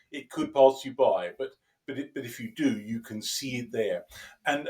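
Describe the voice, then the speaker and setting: A man talks through books in an easy conversational way, with a voice of medium pitch. He is animated and chuckles often, and he restarts his phrases as he searches for words. His delivery is that of a lecturer chatting with a co-host. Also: recorded from a distance. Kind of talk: conversational discussion.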